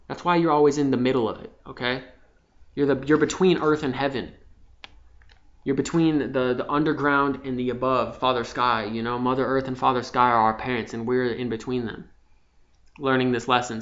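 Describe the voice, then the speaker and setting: Intense, profane young man, lo-fi sound. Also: medium pitch. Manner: intense, profane, swings from hushed to loud. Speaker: vlogger. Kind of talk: impassioned spiritual monologue to camera. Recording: slightly dull lo-fi sound.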